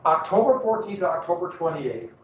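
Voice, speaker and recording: Guy lecturing history, chatty and animated, slightly high voice, echoey classroom sound. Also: a little fast, slight background noise. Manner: animated, conversational, joking asides. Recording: echoey room, dull lo-fi sound.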